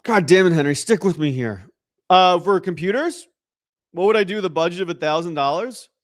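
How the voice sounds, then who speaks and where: A man's voice: high-pitched, expressive, moderate pace. A young man hosting a casual livestream, joking and rambling as he reacts to chat messages and donations. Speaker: livestream host.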